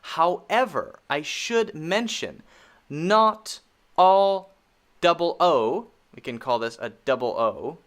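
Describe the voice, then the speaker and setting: A man with an American accent teaching a pronunciation lesson, modeling vowel sounds slowly and repeating words for learners. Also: on the high side, lively intonation, fairly bright tone.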